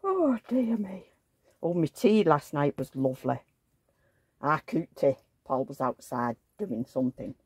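A woman's voice: sits low, animated, unhurried, darkish tone, breathy edge, no room sound. A woman vlogger in casual chat at home, rambling along and cooing at the dolls she dresses. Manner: rambling, chatty, coos at dolls.

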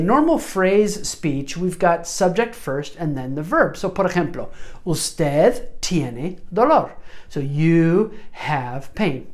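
A woman teaching medical Spanish word order, mixing Spanish words into her English and often checking in with "okay?". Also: low voice.

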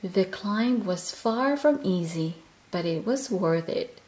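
A woman reads a children's picture book aloud, slowly and gently. Her pitch sits mid-range and she gives each line a soft expressive lift. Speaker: storyteller.

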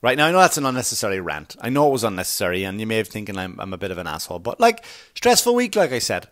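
A man's voice: on the low side, sing-song, racing, fairly bright tone, no echo, studio quality. A man hosting a comedy podcast, telling a story as a profane, exasperated rant with asides to his listeners. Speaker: podcast host.

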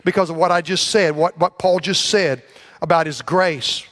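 A man's voice: on the high side, fairly even intonation, moderate pace, a bit bright. A man preaching a sermon to his church, rambling and self-deprecating, then rising to emphatic calls for a response. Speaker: pastor. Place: church sanctuary.

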